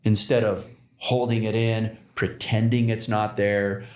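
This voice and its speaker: A man's voice: on the low side, level tone, a little slow. Rambling man in a roomy room. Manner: rambling storyteller with many fillers and restarts. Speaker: podcast guest. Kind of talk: casual conversation. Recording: roomy echo.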